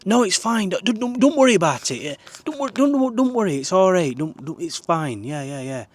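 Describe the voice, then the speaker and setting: A man's voice: high-pitched, very animated, brisk, no room sound, pitched above the performer's own voice. A man voicing a flustered, apologetic man who backs down from a fight, stammering and repeating himself in a rush.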